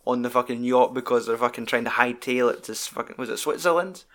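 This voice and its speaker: A man in loose, sweary conversation about a film, rambling and enthusiastic. His voice sits at an ordinary middle pitch. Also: fast talker, a bit bright. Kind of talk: casual film chat.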